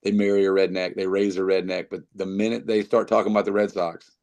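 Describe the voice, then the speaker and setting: A man's voice: deep voice, little pitch movement, fast, darkish tone. A man with a North Carolina Southern accent, chatting as a podcast guest and rambling with many fillers and restarts. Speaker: guest musician. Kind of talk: casual podcast chat.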